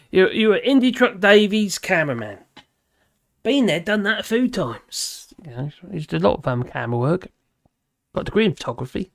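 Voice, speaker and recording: A man's voice: high voice, animated, normal speed, vocal fry, no room sound, studio quality. A man hosting a casual livestream, rambling and humming to himself while he looks for things. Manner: rambling, hums while searching. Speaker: livestream host.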